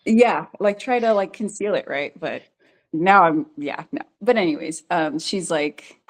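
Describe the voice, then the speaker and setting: A woman's voice: on the low side, unhurried. A woman telling her own story as a podcast guest, chatty and full of fillers, often laughing as she goes. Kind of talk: casual storytelling.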